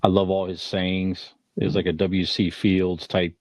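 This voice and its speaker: A man's voice: deep voice, flat delivery, a little slow, darkish tone, no room sound. A man co-hosting a casual podcast, reminiscing in a rambling way with lots of "you know". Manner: rambling, nostalgic, many fillers. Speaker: podcast co-host. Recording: dull lo-fi dry mic.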